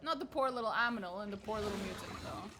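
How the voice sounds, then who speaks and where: A woman's voice: medium pitch, quick pace, background noise. A woman streaming a video game, reading its text aloud and reacting with sarcastic, profane asides. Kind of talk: casual game commentary.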